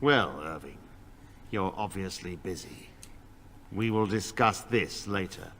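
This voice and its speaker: Stern knight commander in a game; low, curt, with a long room echo. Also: male voice, animated, takes it slowly, a bit bright, a little hiss or hum, full character voice. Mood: stiff. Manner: curt, stiff, indignant. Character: stern male religious knight commander, defensive. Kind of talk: video game voice acting.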